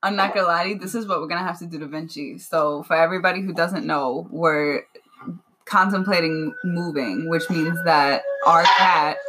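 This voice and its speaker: A woman co-hosting a podcast, telling stories in an expressive, playful way. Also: lowish voice, normal speed, a little hiss or hum. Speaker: podcast co-host. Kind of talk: casual podcast banter.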